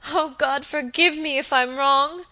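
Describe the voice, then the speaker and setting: Frantic sobbing young maid, put on by a woman reader: high, shrill, pleading at full volume. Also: animated, moderate pace. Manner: frantic, high and loud, breaking into sobs.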